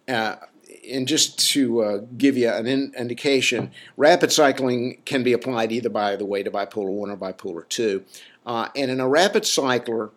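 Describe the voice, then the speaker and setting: A man who works in mental health, giving a casual, emphatic talk to his listeners, full of "right?" asides and mocking quoted voices. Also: mid-range voice. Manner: conversational, many fillers and "right?" asides. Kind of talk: casual lecture to an audience.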